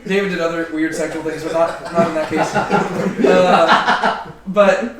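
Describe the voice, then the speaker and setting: Chatty high-voiced man in an echoey room. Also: fairly even intonation, a little slow, over a noisy crowd. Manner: chatty, joking, many fillers. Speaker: Bible study leader. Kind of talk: casual group Bible study. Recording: roomy, distant mic.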